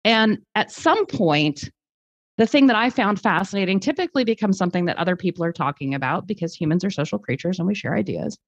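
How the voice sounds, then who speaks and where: A woman's voice: medium pitch, lively intonation, quick pace, dry recording. A woman talking thoughtfully in a podcast conversation, explaining her ideas with restarts and fillers. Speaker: guest speaker. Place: lives in Germany. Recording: dull lo-fi sound, dry.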